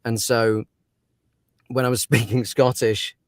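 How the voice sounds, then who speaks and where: A man's voice: mid-range voice, little pitch movement, slow pace, dry recording, clean studio sound. A man, an audiobook narrator chatting casually as an interview guest, laughing often and trailing off into fillers.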